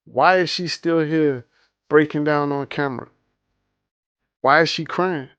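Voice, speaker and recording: Brief: male reaction host, mocking and scornful, smooth voice, slightly high. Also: unhurried, fairly bright tone, no echo, muffled recording. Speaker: reaction commentator. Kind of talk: reaction commentary.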